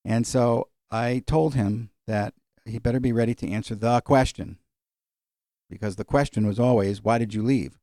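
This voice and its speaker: Here a middle-aged man teaches the Bible informally, mixing in stories from his own life, with a medium-pitched, dark voice at normal speed and fairly even intonation. His delivery is chatty and digressive, full of fillers and little chuckles, captured in clean studio sound without room noise.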